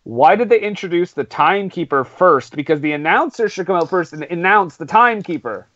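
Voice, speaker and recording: Man, podcast host, animated high voice, excitable and laughing, dry lo-fi sound. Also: fairly quick, dry recording. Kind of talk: casual chat.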